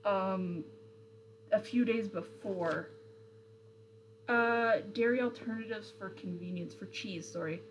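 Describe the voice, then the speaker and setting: Young woman, casual stream chat, rambly, lots of ums, mid-pitched voice. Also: slow, long pauses, slight background noise, poor audio. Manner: rambling, chatty, with frequent fillers and self-corrections; reads and answers viewer comments.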